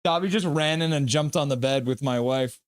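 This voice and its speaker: Man, middle-aged, slightly high voice, live-stream host, reads chat aloud, quick play-by-play bits. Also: clear, resonant tone, no room sound. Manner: reads viewer comments aloud in an animated, playful tone; breaks into quick play-by-play commentary. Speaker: livestream host reacting to a hockey game.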